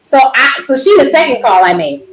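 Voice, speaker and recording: A middle-aged woman with a high voice tells a story on a panel. She is a doctor. She is animated and laughs often. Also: fairly quick, a little hiss or hum, rough recording.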